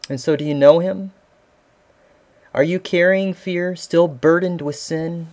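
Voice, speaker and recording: A man's voice: a little high, fairly even intonation, unhurried, darkish tone. A man, a father, preaching a sermon as pastor, earnest and asking the listeners questions. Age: adult father.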